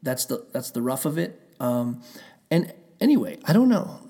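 Man, mid-pitch gravelly voice; heated casual rant, profane, rambling. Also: very animated, moderate pace, warm tone. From Pennsylvania.

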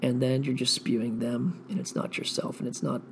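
A man's voice: mid-range voice, fairly even intonation, normal speed, gravelly, slight background noise. A man rambling through a profane, meandering solo monologue, thinking aloud as a podcast host.

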